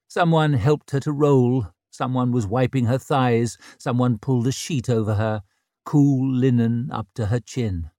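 A man reading a novel aloud in a measured, low-key storytelling voice. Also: darkish tone, no room sound, studio quality. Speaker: audiobook narrator. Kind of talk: scripted narration.

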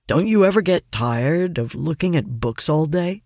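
A dour, brooding young fighter, as an audiobook reader puts him on, muttering terse and sarcastic answers in a slightly lowered voice. The read is dry and close, with no room sound. He sounds tired and unimpressed. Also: lively intonation, unhurried, a little mellow, no echo. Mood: gruff. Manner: gruff and muttering, terse replies.

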